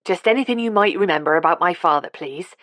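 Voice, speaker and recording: Polite earnest young man, read by a woman, lowish voice, dry close sound. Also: expressive, fast, fairly bright tone, no echo.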